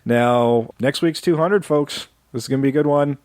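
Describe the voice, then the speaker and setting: A man co-hosting a podcast in relaxed, casual chat, laughing often and reading out show plugs. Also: mid-range voice, moderate pace, no room sound, clean studio sound. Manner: easygoing, laughs often, fillers and restarts. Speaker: podcast co-host.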